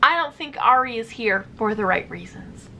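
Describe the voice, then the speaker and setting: Animated, sarcastic young woman. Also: fairly high pitch, moderate pace, creaky, slight background noise. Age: young adult. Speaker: vlogger. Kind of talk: casual reaction commentary.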